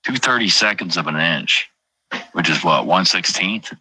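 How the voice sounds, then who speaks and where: Low, sharp-edged profane man rambling. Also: animated, normal speed, slightly rough, dry recording, poor audio. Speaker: truck driver streamer. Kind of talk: casual livestream chat.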